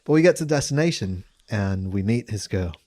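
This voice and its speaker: Podcast host, man, lively storyteller, pitch swings up and down a lot. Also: fairly quick. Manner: animated, laughing, slips into a mock British accent for quotes. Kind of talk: casual storytelling chat.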